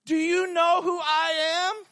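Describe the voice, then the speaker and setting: A man's voice: very high-pitched, level tone, takes it slowly, bright, forceful tone, voice pushed up, full character voice. A man voicing a brash young man who mockingly brushes off warnings. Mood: scoffing. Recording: long hall reverb.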